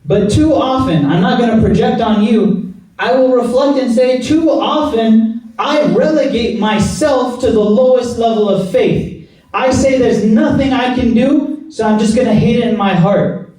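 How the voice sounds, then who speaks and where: Earnest young preacher in an echoey hall. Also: male voice, extremely high pitch, unhurried, warm tone. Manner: earnest, exhorting, rhetorical repetition. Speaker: imam giving Friday sermon. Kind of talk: sermon. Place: mosque prayer hall. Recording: echoey hall, mic at a distance.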